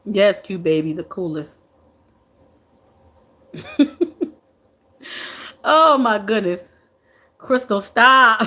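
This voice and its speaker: A woman's voice: on the high side, lively intonation, slow, pauses often, bright, forceful tone. A woman in her forties hosting a casual live stream, chatting playfully with viewers, reading their comments, and laughing often. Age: 40s.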